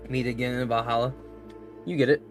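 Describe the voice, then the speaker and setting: A man streaming a game, chatting casually, telling rambling stories full of swearing and reading his chat aloud. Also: medium pitch.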